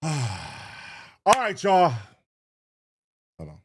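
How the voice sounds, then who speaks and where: Hyped up guy streamer yelling at chat, voice jumps all over, cursing a lot. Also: a little high, drawn-out words, a little hiss or hum. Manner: loud, excitable, profane, animated. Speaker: streamer reacting to videos. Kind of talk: casual livestream chat.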